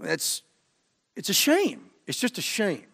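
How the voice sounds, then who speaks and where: A man's voice: wildly swooping pitch, takes it slowly, vocal fry, slightly rough. Fervent male preacher in a reverberant church. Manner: fervent, swings from loud emphasis to low earnest tones. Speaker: guest preacher. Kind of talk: sermon. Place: church sanctuary.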